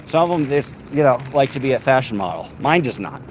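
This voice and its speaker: Man, casual livestream chat, swearing, heated, phone mic, loud street traffic. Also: mid-range voice, big pitch swings, a little fast, rough recording. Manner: frustrated, swearing, heated then reading chat. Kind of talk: casual live stream chat. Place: outdoors on a city street. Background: street and traffic noise.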